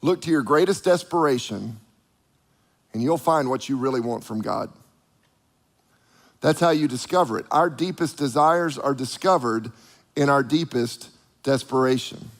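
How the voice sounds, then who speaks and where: A man preaching a sermon in an animated way, acting out the voices of the people he quotes. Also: medium pitch, a little slow, pauses often, long reverb tail.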